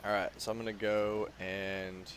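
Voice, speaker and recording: A man's voice: lowish voice, flat delivery, unhurried, a bit bright. A young man playing a tabletop game, brash and joking, swearing at his rolls. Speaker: player.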